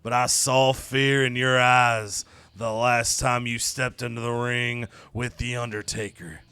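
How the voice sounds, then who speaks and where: A man voicing a menacing undead wrestler who speaks slowly and ominously. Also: medium pitch, level tone, sharp tone, smooth, dry recording, pitched below the performer's own voice. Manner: slow, ominous, drawn-out.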